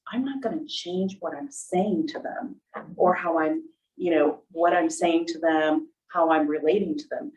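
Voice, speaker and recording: Low-voiced woman on a distant video call. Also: darkish tone. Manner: earnest, explanatory. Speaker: panelist. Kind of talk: webinar panel talk.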